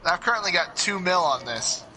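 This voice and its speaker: A man's voice: sits high, expressive, normal speed, bright, forceful tone, rough recording. A young man co-hosting a gaming video, chatting casually with jokey asides. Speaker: co-host playing the game. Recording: game crowd noise behind.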